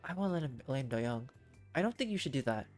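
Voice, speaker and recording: A woman voicing a calm, gentle teenage boy who speaks quietly and steadily. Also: a little fast, faint music behind. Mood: firm. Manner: quiet, steady, low-key.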